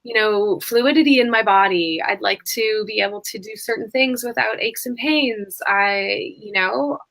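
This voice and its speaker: A woman's voice: medium pitch, measured pace, creaky, a bit bright. A woman hosting a conversational podcast, reflective and talking with many filler words. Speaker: podcast host.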